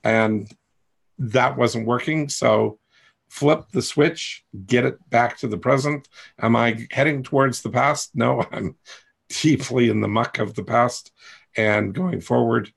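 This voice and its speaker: A man's voice: medium pitch, slow pace, creaky, slightly rough. A man hosting a coaching session, talking to a group in a candid, rambling way with self-deprecating humor. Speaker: coach and host.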